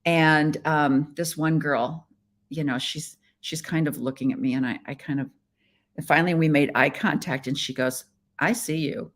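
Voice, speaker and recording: Playful middle-aged woman host from the Midwest, chatty on a webcam live stream, voice sits a bit low. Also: steady tone, normal speed. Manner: chatty and playful, with frequent laughs. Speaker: podcast host. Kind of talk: casual live-stream chat.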